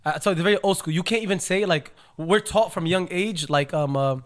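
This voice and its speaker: A man who is a guest on a casual podcast, talking in a loose, relaxed way with many fillers. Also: high voice, fairly quick. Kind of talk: casual chat.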